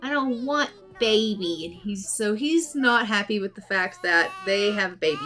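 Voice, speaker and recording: A woman talks through her life-sim game in a chatty, casual way, doting on the characters. Her voice sits at an ordinary middle pitch. It sounds like an easygoing gaming channel host. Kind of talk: casual let's play commentary.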